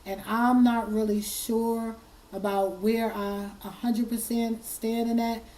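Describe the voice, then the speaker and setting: A woman hosting an online commentary, speaking earnestly while hoarse and fighting back tears, often repeating her words. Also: a little high, little pitch movement, takes it slowly, mellow, rough recording. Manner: earnest, choked up, repeats herself. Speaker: commentary channel host. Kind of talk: emotional commentary.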